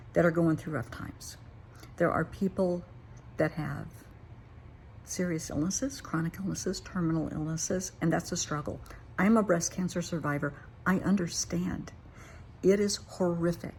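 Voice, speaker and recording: A woman's voice: on the low side, a little mellow, slight background noise. An older woman, a therapist, giving an earnest, plain-spoken motivational talk to her viewers.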